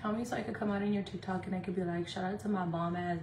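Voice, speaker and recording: A woman's voice: medium pitch, steady tone, rapid-fire, a little mellow. A woman from California doing a casual makeup livestream, chatty and profane, laughing often and slipping into Spanish. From Indio, California. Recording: echoey room with faint noise.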